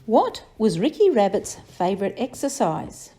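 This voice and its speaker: Animated, encouraging woman teacher. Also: medium pitch, a little slow, breathy edge. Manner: encouraging, sing-song tag questions. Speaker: children's teacher. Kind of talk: story review questions for children.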